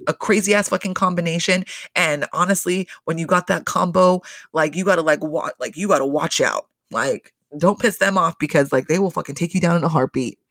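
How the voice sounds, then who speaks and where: A man recaps a reality show casually and profanely, rambling along with constant "like" fillers, frequent swearing, and laughter. His voice is on the high side and fairly bright, captured in a dry, studio-quality recording.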